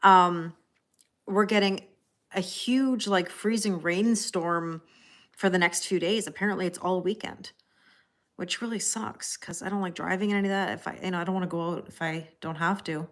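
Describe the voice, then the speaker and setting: A woman's voice: fairly low pitch, steady tone, normal speed. A middle-aged woman hosting a live tarot reading, chatting casually, laughing often and answering viewers' comments. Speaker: tarot reader hosting a livestream.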